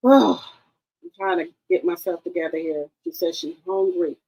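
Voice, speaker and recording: A woman hosts a casual gossip commentary, reacting to a clip with animated, opinionated remarks. Her voice sits a little low for a woman. She often breaks into exclamations. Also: a little fast, slightly rough, low-quality recording. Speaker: commentary channel host.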